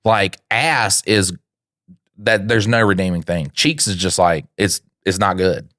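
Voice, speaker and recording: A middle-aged man with a low voice co-hosts a casual podcast. He jokes around and argues playfully. His voice sounds close and dry, with no room around it. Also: fairly even intonation, measured pace, fairly bright tone, dry recording. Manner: joking, playful, argumentative. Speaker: podcast co-host. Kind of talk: casual chat.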